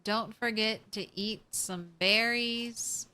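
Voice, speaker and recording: A woman's voice: a little high, fairly even intonation, slow, pushed and bright. A woman streamer giving casual, chatty commentary while playing a game, talking to herself and to the game late at night.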